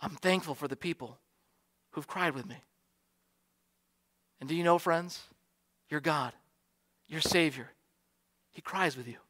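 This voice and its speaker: An American man, a pastor, preaching a sermon in an earnest way, softly repeating key lines for emphasis. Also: fairly high pitch, a little slow, pauses often.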